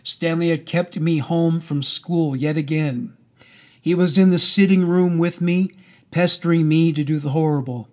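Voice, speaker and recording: A man narrating a memoir in a measured, somber way. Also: fairly high pitch, fairly even intonation. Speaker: audiobook narrator.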